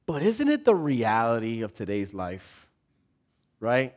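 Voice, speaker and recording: A male pastor giving a casual, humorous sermon with dramatic swings between loud and soft. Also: mid-range voice, wildly swooping pitch, unhurried.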